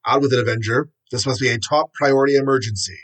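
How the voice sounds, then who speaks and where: A man's voice: medium pitch, quick pace, fairly bright tone, breathy edge. A man voicing a stern superhero team leader. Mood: serious. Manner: firm, rallying.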